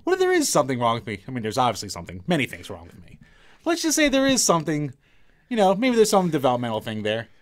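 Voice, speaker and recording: Fast, lively mumbling man in his thirties. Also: medium pitch. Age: 30s. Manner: self-deprecating, mumbling. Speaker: podcast co-host. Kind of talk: casual chat.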